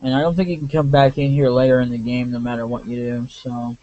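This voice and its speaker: A man's voice: mid-range voice, little pitch movement, fast talker, warm tone. A man giving rambling, casual commentary over a game he plays, full of asides and restarts. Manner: rambling, many fillers and restarts. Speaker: let's play commentator. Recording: muffled lo-fi with faint hiss.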